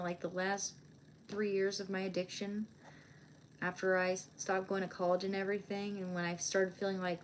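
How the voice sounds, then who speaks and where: A woman's voice: medium pitch, a little hiss or hum. A young woman chatting casually on a live stream while she draws, rambling with many fillers and restarts.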